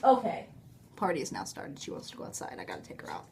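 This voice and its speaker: A woman's voice: sits low, huge pitch swings, quick pace, a little mellow, a little hiss or hum. A young woman telling a rambling, chatty story to her phone camera at home, often stopping herself mid-sentence and laughing. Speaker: vlogger.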